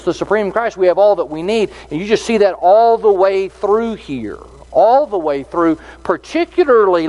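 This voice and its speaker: A man delivers a sermon in an earnest, teaching manner, walking through scripture verse by verse. His voice sits fairly high for a man. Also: darkish tone. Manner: earnest, explanatory, reads scripture aloud. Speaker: preacher.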